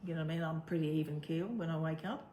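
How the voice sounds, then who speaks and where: A woman's voice: sits low, quick pace, dark tone. A woman in casual chat as a co-host, rambling and laughing easily. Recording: echoey room with faint noise.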